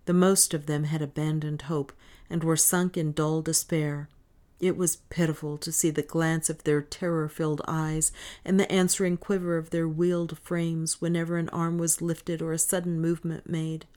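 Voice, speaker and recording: A woman narrating an adventure novel in a steady, measured reading. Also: sits low. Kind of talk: audiobook narration.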